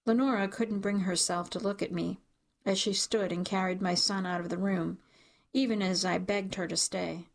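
A woman's voice: mid-range voice, fairly even intonation, moderate pace, creaky. A woman reading a first-person story aloud in an intimate, emotional narrating style. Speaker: audiobook narrator.

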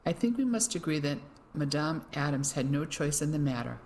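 The narrator voicing a calm male village priest who speaks slowly and soothingly. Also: a little hiss or hum, lightly acted. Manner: slow, soothing and low.

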